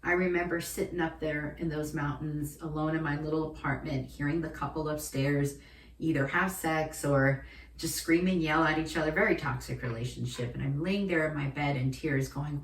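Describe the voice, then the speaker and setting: A woman's voice: deep voice, fairly even intonation, normal speed. A woman in her thirties from Florida, a shaman, telling her life story in a candid, emotional way and swearing freely. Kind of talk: personal storytelling vlog. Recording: roomy, distant from the mic.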